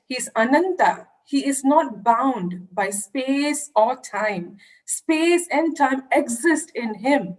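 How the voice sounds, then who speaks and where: A woman's voice: a little high, low-quality recording. A woman giving an earnest, explanatory online lecture over a video call. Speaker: religious education presenter.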